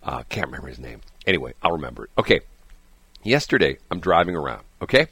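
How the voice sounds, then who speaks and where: A man's voice: very deep voice, quick pace, creaky, husky, dry recording. A man hosting a morning radio show, chatting casually and telling rambling stories with chuckles in a studio. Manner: rambling, animated storytelling with chuckles.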